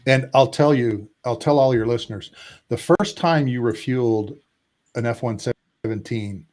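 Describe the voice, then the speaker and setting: A man in his sixties, a retired Air Force pilot, telling animated war stories as a podcast guest and drawing out emphatic lists. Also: mid-range voice, normal speed. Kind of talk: casual storytelling interview.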